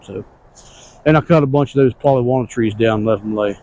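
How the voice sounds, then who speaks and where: Mellow-voiced farmer rambling on outdoors. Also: male voice, medium pitch, a little fast, slight background noise, rough recording. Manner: relaxed, rambling country talk with plain grammar. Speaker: homestead farmer giving a weekly garden update. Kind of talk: casual walk-through narration. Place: outdoors in a farm garden.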